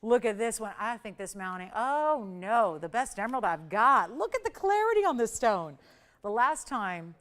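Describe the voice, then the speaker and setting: A woman's voice: fairly high pitch, very animated, moderate pace, a bit bright. Gushing woman host on TV shopping. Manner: gushing, chatty, breaks off mid-sentence. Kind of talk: live TV shopping pitch. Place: TV studio.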